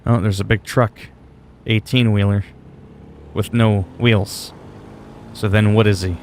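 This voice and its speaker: Low-voiced chatty male game streamer. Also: level tone, moderate pace, long pauses, slight background noise. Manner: chatty and wry, answers chat, mild cursing. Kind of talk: casual live gameplay commentary.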